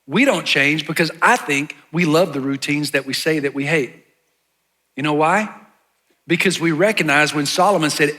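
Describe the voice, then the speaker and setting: Bright-voiced male pastor preaching emphatically. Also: fairly high pitch. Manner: emphatic preaching, voice rising on key words, with casual asides. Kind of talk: sermon.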